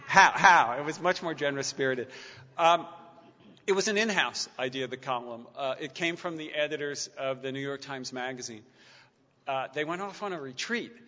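A man's voice: medium pitch, moderate pace, bright, forceful tone. A man giving a public talk and then answering questions, with dry wry humor and many stammered restarts. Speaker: lecturer taking audience questions. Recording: muffled lecture-hall recording with long reverb.

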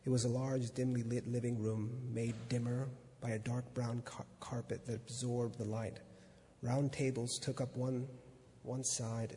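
A man, a magazine editor, reading a literary excerpt aloud at an unhurried pace, now and then stumbling and restarting a word. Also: medium pitch, dark tone, a little hiss or hum. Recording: long reverb of a hall.

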